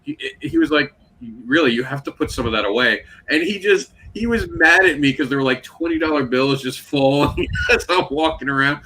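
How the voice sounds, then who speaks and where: A man hosting a casual panel chat, telling animated stories and acting out the quotes. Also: fairly high pitch, a little fast, hardly any pauses, husky, poor audio. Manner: animated storyteller, acts out quotes. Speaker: panel host.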